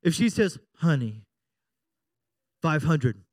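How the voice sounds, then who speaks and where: Middle-aged male pastor, high voice, dry close sound, jokey sermon full of amens. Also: normal speed, no room sound. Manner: jokey, conversational preaching with frequent call-outs for amen.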